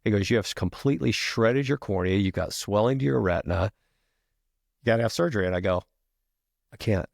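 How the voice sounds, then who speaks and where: A middle-aged retired firefighter telling a long story as a podcast guest, casual and profane, peppering every sentence with "freaking". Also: male voice, on the low side, brisk, gravelly, darkish tone, no echo, studio quality.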